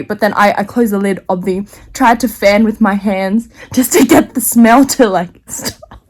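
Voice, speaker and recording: A woman's voice: mid-range voice, steady tone, a little slow. Young woman vlogger, casual confessional storyteller, giggles through her lines, slangy and rambling.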